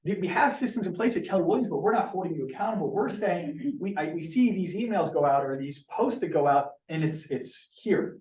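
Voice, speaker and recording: A man's voice: high voice, lively intonation, fairly quick, few pauses, darkish tone. A man leading a team meeting who speaks in an earnest, direct way and often restarts his sentences. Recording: roomy, from a distance.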